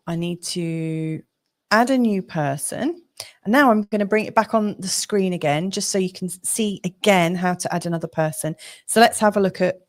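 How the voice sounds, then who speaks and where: Chatty low-voiced woman astrologer. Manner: chatty and rambling, with many fillers; sympathetic and encouraging. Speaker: astrologer hosting a live reading show. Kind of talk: live-streamed astrology reading.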